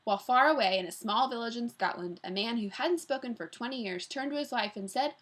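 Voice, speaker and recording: A woman reading a children's book aloud to her students, telling it in an expressive way. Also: on the high side, a little fast. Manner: expressive, warm storytelling.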